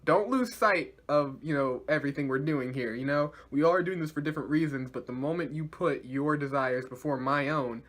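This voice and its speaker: A man's voice: fairly high pitch, fairly quick, hardly any pauses, fairly bright tone. A man retelling as a slangy menacing villain queen. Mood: stern. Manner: casual, slangy lecturing. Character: commanding dark queen villain, female, menacing.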